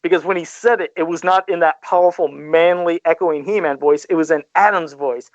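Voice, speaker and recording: Higher-pitched guy retelling a cartoon episode on a podcast, dry close sound, kinda lo-fi. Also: a little fast, no echo. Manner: animated storytelling, recapping plots. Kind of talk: casual podcast chat. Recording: dry, dull lo-fi podcast audio.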